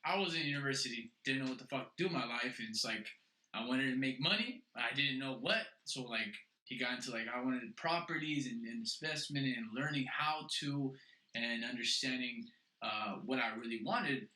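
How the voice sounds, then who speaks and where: A man's voice: mid-range voice, normal speed, bright, forceful tone. A man co-hosting a casual podcast, rambling with lots of filler and swearing. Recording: roomy echo.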